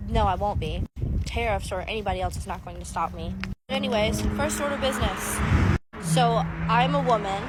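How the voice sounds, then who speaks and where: A woman's voice: mid-range voice, noisy background. A woman vlogging about her new businesses in a confident, chatty way. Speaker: aspiring entrepreneur. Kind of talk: casual vlog monologue.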